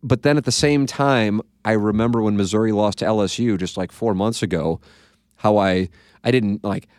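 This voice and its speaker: A man's voice: on the low side, normal speed, darkish tone, smooth, no echo, studio quality. A man hosting a podcast in casual chat, rambling and profane, trailing off into asides. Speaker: podcast host.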